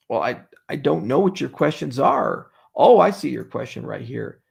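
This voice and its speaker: Joking, sarcastic man hosting a livestream Q&A, reads out questions. Voice very gravelly and husky. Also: mid-range voice, very animated, moderate pace, few pauses. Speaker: livestream host answering viewer questions. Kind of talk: casual livestream Q&A.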